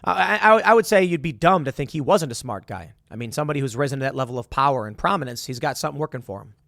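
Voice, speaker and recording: In clean studio sound with no room echo, a gravelly, medium-pitched man talks fast while hosting a political commentary show. His monologue is sarcastic and lively, and he mocks those he quotes by imitating them in derisive voices.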